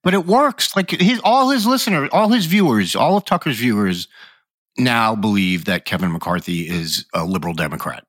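A man co-hosting a podcast in casual chat, making wry, deadpan asides. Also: fairly low pitch, normal speed, no echo, studio quality. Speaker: podcast co-host.

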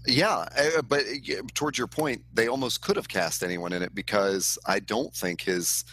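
A man co-hosting a casual podcast, who talks in a hesitant, halting way. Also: on the low side, bright, forceful tone, slight background noise. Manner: hesitant, halting, laughs often. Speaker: podcast co-host. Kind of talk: casual chat about movies.

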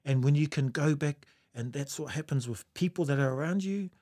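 A man's voice: fairly high pitch, brisk, darkish tone. A New Zealand man telling stories in a casual chat, reflective, laughing often and using Maori words.

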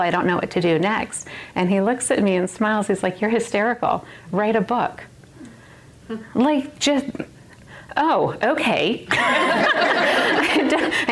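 A woman in her thirties giving a personal testimony to a women's Bible study, earnest and emphatic, often laughing at herself. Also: fairly low pitch.

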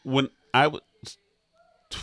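A man's voice: slow, a bit bright, dry recording. A middle-aged man telling a long rambling story in casual chat, restarting sentences and trailing off with self-deprecating asides.

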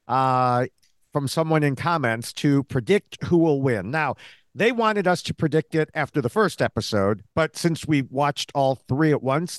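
A man's voice: a little high, no room sound, studio quality. A man co-hosting a TV recap podcast in casual chat, rambling and trailing off in fillers. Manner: chatty, animated, trails off in fillers. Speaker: podcast co-host.

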